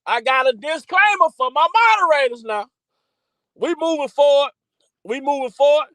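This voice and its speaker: A man hosting a livestream, hyping up his chat with loud, repetitive shout-outs. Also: very high-pitched, no room sound, rough recording. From Texas by way of Louisiana. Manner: hyped, repetitive, calls out to chat. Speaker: livestream host.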